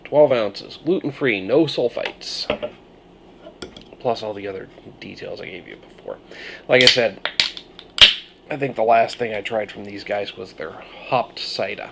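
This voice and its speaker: A man's voice: lowish voice, measured pace, creaky, long pauses, heavy background noise. A man from Maine with a Maine accent, casually reviewing a cider in a rambling, jokey way. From Maine, USA. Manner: rambling, jokey, self-interrupting.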